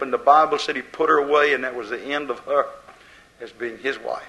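A man preaching an impassioned sermon as pastor, rising and falling in loudness as he drives his points home. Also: mid-range voice, fairly even intonation, a little fast, lo-fi sound.

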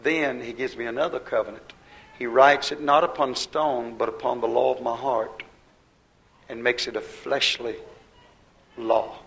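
A man preaching to his congregation with a gravelly edge in his voice. His delivery is folksy and direct. He swings between loud, emphatic bursts and low, quiet stretches. His pitch sits in an ordinary middle range. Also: fairly even intonation, unhurried, low-quality recording. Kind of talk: sermon.

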